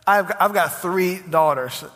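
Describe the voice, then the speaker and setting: A man preaching a sermon as pastor, impassioned and rising to near-shouts when he presses a point. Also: high voice, slow pace, long reverb tail.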